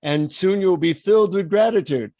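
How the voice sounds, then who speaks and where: A man's voice: high-pitched, moderate pace, warm tone, dry recording, pitched above the performer's own voice. A man putting on a solemn guru with an Indian accent. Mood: patiently instructive. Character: serene older male guru teacher.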